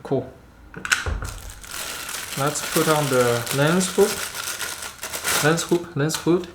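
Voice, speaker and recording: A man doing a casual unboxing vlog about camera gear, chatting in a halting way and thinking aloud as he handles the lens. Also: fairly high pitch, heavy background noise. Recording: roomy echo.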